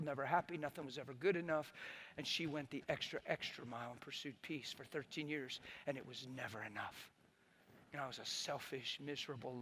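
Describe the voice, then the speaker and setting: A man giving an impassioned testimony, swinging from loud bursts to hushed, near-whispered moments. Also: a little high, a little hiss or hum. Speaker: preacher giving his testimony. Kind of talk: emotional testimony.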